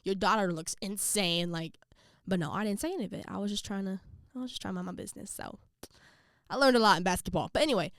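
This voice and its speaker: A young woman vlogging, casually telling a story to her viewers and acting out quotes with jumps in pitch. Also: quick pace, a bit bright, dry recording, studio quality.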